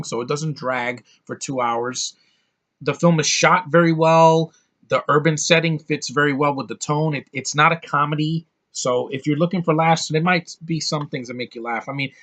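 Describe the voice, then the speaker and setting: A man's voice: a little high, a bit bright. A man giving a casual movie review vlog, ranting bluntly, swearing freely and often restarting his sentences.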